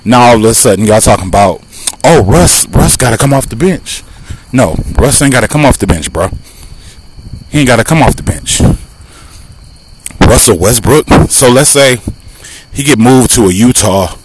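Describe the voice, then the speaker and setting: A man with a Southern American accent rants through a casual podcast monologue, pitch jumping high when he gets worked up. He's outdoors on foot beside traffic, recording on his phone, with faint street noise and passing cars behind him. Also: expressive, normal speed, long pauses. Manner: emphatic, repetitive, heated rhetorical questions. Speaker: podcast host. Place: outdoors walking near traffic.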